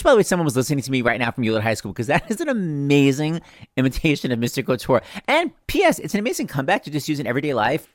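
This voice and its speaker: A man hosting a podcast, chatting with quick comic asides and a gossipy, animated delivery. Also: fairly high pitch, no echo, studio quality. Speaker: podcast host. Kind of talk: chatty podcast monologue and interview.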